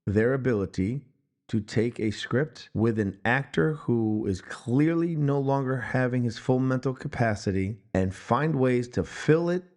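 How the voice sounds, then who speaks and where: A man's voice: medium pitch, a little slow. A man co-hosting a podcast, ranting in casual, profane film-review banter with mocking humor. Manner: profane, animated, mocking rants. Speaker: podcast co-host. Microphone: headphones and studio mic.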